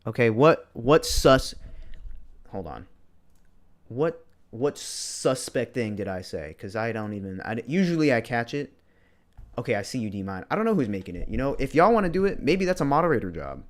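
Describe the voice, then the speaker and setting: A man's voice: medium pitch, sing-song, normal speed. A young man co-hosting a podcast livestream, chatting casually with laid-back slang and answering viewers' chat. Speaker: podcast co-host.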